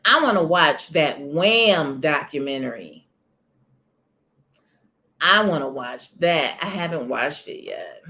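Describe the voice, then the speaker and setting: A woman chats casually on her live stream. She talks a lot and leans on words, often saying them twice. Her voice sits a little low, and her pitch swings widely from phrase to phrase. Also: expressive, slow, long pauses, bright, forceful tone. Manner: chatty, emphatic, repeats herself. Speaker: channel host.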